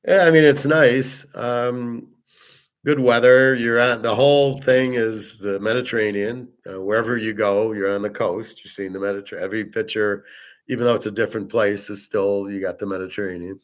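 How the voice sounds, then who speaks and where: A man's voice: lowish voice, fairly even intonation, normal speed. Blunt, profane man rambling. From United States. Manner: blunt, profane, digressive storytelling. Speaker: sports betting podcast host. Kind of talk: casual rambling monologue.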